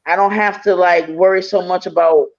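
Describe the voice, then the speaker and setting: A woman's voice: lowish voice, steady tone, moderate pace. A woman psychic medium giving an encouraging, rambling spiritual reading full of fillers. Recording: slightly dull stream audio.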